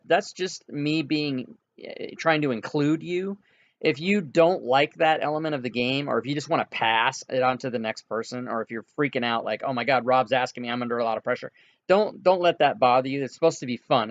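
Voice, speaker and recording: A man narrating as game master of a tabletop game, relaxed and reassuring toward his players, on a dull, dry lo-fi recording. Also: medium pitch, a little fast, dry recording. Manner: relaxed, reassuring, laughs easily.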